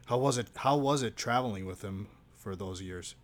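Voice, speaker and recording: A man's voice: on the low side, normal speed. A man hosting an interview, asking short questions with hesitant restarts. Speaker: interviewer host.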